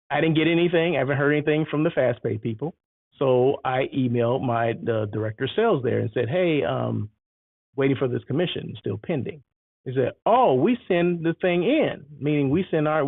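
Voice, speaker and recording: A man hosting a casual monologue, telling an animated story and acting out both sides of the exchanges. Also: fairly high pitch, no echo. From United States. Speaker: host. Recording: tinny phone-like sound.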